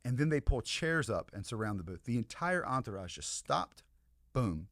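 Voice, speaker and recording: An American man and podcast guest telling an animated, rambling story in casual chat, with many asides to the listeners. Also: medium pitch, normal speed, no room sound. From United States.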